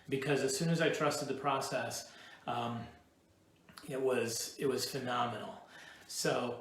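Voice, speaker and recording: A middle-aged man from upstate New York hosting a live question-and-answer session, rambling and playful as he explains things at length. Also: mid-range voice. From Buffalo, New York. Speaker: host answering curriculum questions. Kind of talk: casual live Q&A. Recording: echoey room.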